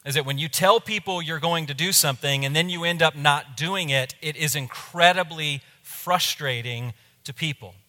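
A man, a pastor, telling a personal story in a sermon, animated and dropping to a hush at tense moments. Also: a little high, moderate pace, hardly any pauses, long reverb tail.

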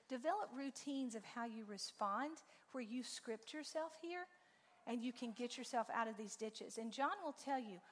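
A woman giving a lively, informal talk to a church parenting group, acting out her own stories as she goes. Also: on the high side. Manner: animated storytelling, acts out her own lines. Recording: long reverb in a large room.

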